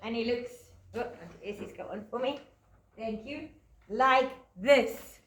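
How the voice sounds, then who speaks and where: A woman, a teacher telling a fairy tale to young children and guiding a craft, in a gentle sing-song voice that stretches words out. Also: a little high, unhurried, roomy sound. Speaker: preschool teacher. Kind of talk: storytelling and craft lesson for children.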